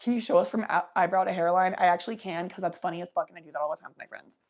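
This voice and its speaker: A young woman hosting a casual livestream, chatting to viewers in a loose, giggly, profane way while high. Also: racing. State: high from smoking weed. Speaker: livestream host. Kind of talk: casual chat reading viewer comments.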